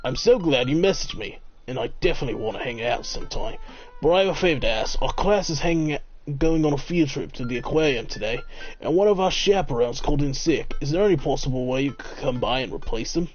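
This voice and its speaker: A man voicing a gentle, bookish dad who teaches, in a put-on Australian accent. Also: medium pitch, lively intonation, fast talker, faint music behind, close to an everyday voice. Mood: eager. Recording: dull lo-fi mic.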